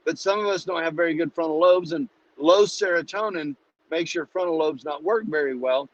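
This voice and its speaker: A man hosting a live-streamed Bible study, teaching in a casual, energetic, preachy way and calling listeners "dude". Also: fairly high pitch, moderate pace. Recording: dull lo-fi live stream audio.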